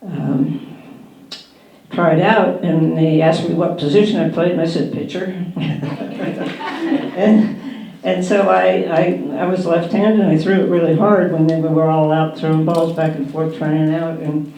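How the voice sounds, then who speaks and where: An older woman, a former professional baseball player, recounting her start in a halting, unhurried way with soft chuckles at a museum panel. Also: sits low, steady tone. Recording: roomy hall echo.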